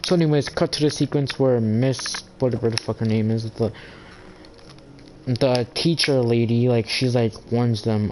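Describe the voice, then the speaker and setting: A man's voice: mid-range voice, fairly even intonation, normal speed, a little mellow, slight background noise, poor audio. A man ranting in a casual monologue, rambling with lots of fillers, restarts and swearing. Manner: rambling, profane, full of "like" and restarts. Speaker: gaming channel host.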